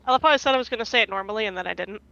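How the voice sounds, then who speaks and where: Female player, casual and giggly, bright edge, dull dry home mic. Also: mid-range voice, rapid-fire, gravelly, dry recording. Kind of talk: tabletop game play.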